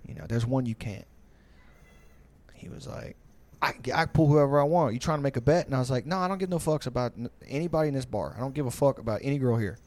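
A man's voice: medium pitch, lively intonation, fast, a little mellow, no echo. Guy rambling thru bar stories on a podcast, swears a lot, lots of uh and like, does goofy voices for people. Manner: loose, profane, rambling with many fillers; slips into mocking voices for people in his stories. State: tipsy. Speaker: podcast host. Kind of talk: casual storytelling.

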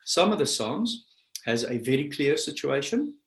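Man, pastor, sermon, earnest, animated, echoey church room. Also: fairly high pitch, measured pace.

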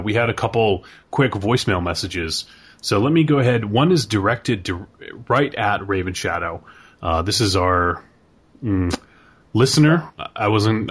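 A man hosting a podcast, chatting in a relaxed, hesitant way. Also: on the low side. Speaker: podcast host. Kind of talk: casual chat.

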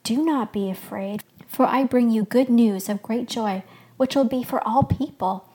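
A woman voicing an awed, bushy-bearded male shepherd who speaks slowly and reverently. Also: a little high, breathy edge. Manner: slow, hushed, reverent.

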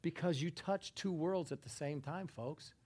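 A man preaching a sermon, chatting with the congregation in asides and building to emphatic, forceful passages. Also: fairly high pitch, unhurried, a little hiss or hum.

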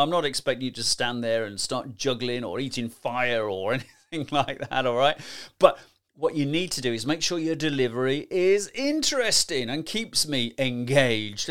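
A middle-aged man gives lively, emphatic podcast advice on presenting, often tagging his points with rhetorical questions. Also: medium pitch, clean tone. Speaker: presentation skills coach. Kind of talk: solo podcast advice talk.

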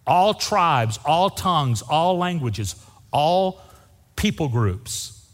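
A man's voice: a little high, lively intonation, drawn-out words, long reverb tail. A man preaching a sermon as pastor, emphatic and repeating key phrases for effect.

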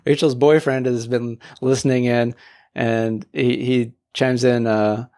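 A man's voice: medium pitch, level tone, measured pace, dark tone. A man hosting a solo podcast, talking casually with frequent restarts and acting out quoted voices in his stories. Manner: rambling, many restarts, acts out quoted voices. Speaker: podcast host.

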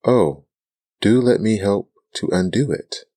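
A man voicing a curious, polite young girl in a whispered role-play, soft and earnest. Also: lowish voice, slow, dry recording, voice pushed up. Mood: humble.

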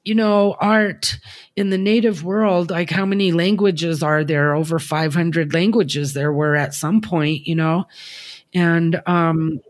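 Brief: woman in her fifties, fairly low voice, reflective guest who wanders through her thoughts with lots of fillers. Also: steady tone, slow pace, no echo, clean studio sound. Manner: thoughtful, rambling with frequent fillers. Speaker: artist guest. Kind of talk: reflective interview talk.

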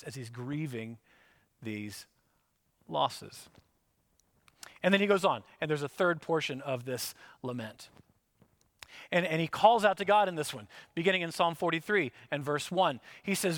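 A man gives a reflective sermon in a slightly raised voice. He is earnest and unhurried, and he leans into each scripture line. The sound is close and dry, with no room echo. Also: fairly high pitch, fairly bright tone. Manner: reflective, earnest, reads scripture aloud with slow emphasis. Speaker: pastor.

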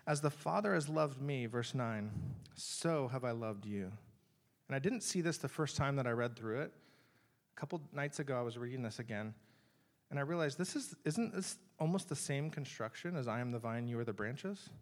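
A man's voice: medium pitch, lively intonation, normal speed. A man preaching a sermon in a conversational, earnest way, with frequent restarts and asides to the congregation. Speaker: pastor.

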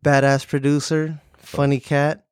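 A man hosting a podcast from a room in his home, talking in an excited, slangy way with lots of swearing. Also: fairly high pitch, a little slow, clear, resonant tone, no echo, clean studio sound. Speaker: podcast host. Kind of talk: casual chat.

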